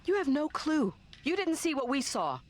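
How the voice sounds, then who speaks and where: A blunt, animated woman. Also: high voice, moderate pace. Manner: blunt, emphatic.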